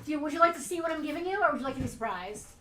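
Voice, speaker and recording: A high-pitched woman chats her way through a livestream giveaway in a toy store, giggling often and blurting out blunt remarks. She sits a little back from the mic in a roomy, echoing space. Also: animated, racing, crowd noise. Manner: chatty and giggly, with blunt outbursts. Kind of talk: casual livestream chat. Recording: roomy echo, a bit far from the mic.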